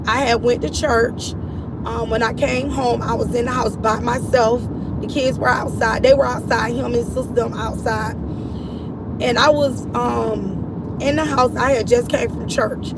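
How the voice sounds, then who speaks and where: Middle-aged mother, testimony, high pitch with some fry, recorded outdoors with street traffic behind. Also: fairly even intonation, normal speed. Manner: earnest, repetitive storytelling, addresses listeners as y'all. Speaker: grieving mother sharing her story. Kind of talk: personal testimony to followers. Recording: outdoor street noise, vehicles passing.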